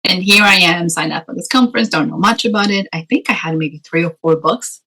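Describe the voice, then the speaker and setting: A woman's voice: lowish voice, brisk, breathy edge, rough recording. A middle-aged woman from Texas, a guest author, telling personal stories in an interview and acting out what people said. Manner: expressive storyteller, acts out quoted voices. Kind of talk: conversational interview.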